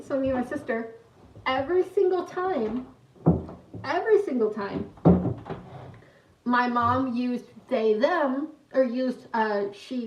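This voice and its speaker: A young woman livestreaming, telling a story in a rambling, giggly way and greeting viewers in chat. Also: on the high side. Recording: echoey room, mic at a distance, dull lo-fi sound.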